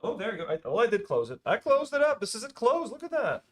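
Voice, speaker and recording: A man with a high voice and lively, swooping pitch talks through a live stream. His chat is casual and unpolished, and he swears freely as he thinks aloud. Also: quick pace.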